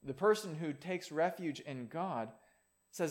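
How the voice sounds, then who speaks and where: A man's voice: a little high, expressive, a little slow. A man preaching a sermon in a conversational way, with playful asides.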